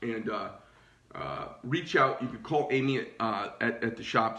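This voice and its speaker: A man's voice: mid-range voice, normal speed, reverberant. A middle-aged man, a knife shop owner, ranting casually with lots of profanity and restarts. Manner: profane, animated, rambling with restarts. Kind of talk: casual rant.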